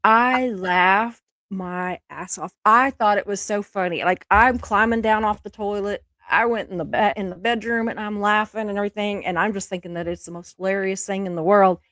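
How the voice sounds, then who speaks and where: A woman co-hosting a chat show, telling a long story in a relaxed, drawn-out way over a video call. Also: mid-range voice, no room sound. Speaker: co-host.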